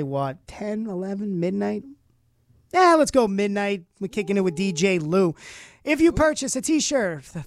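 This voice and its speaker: A man's voice: sits high, dry recording. A man hosting a radio show, bantering playfully and plugging his merchandise in the studio. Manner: playful, laughs often, plugs merchandise. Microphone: studio microphone.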